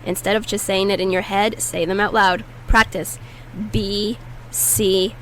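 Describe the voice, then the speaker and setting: A woman teaching a language lesson, patiently saying each word slowly and clearly so listeners can repeat after her. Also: medium pitch, steady tone, a little hiss or hum, poor audio. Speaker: Spanish teacher.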